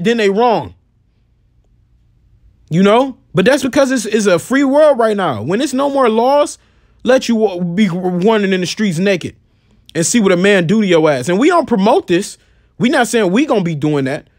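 A man giving an informal, profane sermon, blunt and scolding, who slows down and turns solemn when he reads scripture. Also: high voice, dry recording, studio quality. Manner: blunt and scolding, swears freely. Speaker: preacher.

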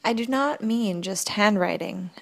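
A woman reading an audiobook, voicing a calm, wise young woman who explains things patiently. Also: medium pitch, unhurried, gravelly.

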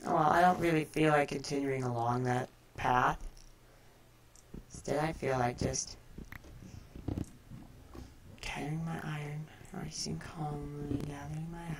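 A woman giving casual game commentary as host, chatty and talking straight to her viewers with sudden excited outbursts. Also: low-pitched, unhurried, pauses often, background noise. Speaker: gaming video host.

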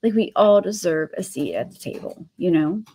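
Gravelly-voiced woman chatting to viewers. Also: fairly low pitch, lively intonation, moderate pace, mellow. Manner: rambling, with frequent restarts and "like". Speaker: craft channel host. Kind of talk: casual personal storytelling to viewers.

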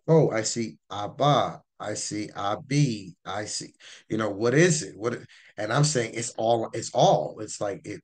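Low-voiced man teaching scripture. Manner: rambling, repeats words, animated asides. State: losing his voice. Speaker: Bible teacher. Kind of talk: informal Bible teaching.

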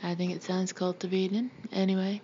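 A woman voicing a gracious gentle mother. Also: mid-range voice, flat delivery, moderate pace, muffled recording, slight background noise, lightly acted. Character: gracious Southern mother defending her son.

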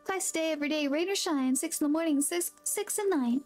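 A woman reading aloud the lines of a cheerful young courier boy from a game, upbeat and quick. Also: sits high, a little mellow, faint music behind, lightly acted. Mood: eager.

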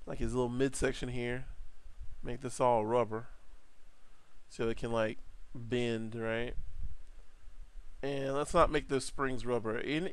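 A man giving a casual 3D art software tutorial, playful and rambling, with jokey asides. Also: mid-range voice, measured pace, long pauses, clear, resonant tone, no echo.

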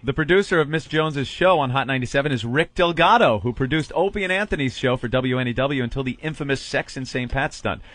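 A man co-hosting a radio show, reading out news items in a plain, matter-of-fact voice at a middle pitch. Now and then he drops in a wry aside. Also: fast, hardly any pauses, a bit bright, no echo. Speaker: radio co-host.

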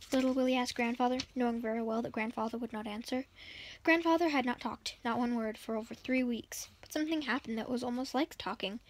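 A woman reading a children's chapter book aloud for her channel, often stumbling and rereading words. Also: sits high. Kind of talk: storybook reading.

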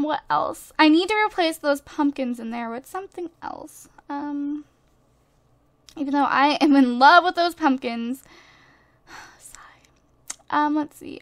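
A gaming YouTuber with a high voice plays a life-simulation game and chats into her desk USB microphone, bubbly, gushing to viewers and laughing often. It's casual let's-play commentary with no echo.

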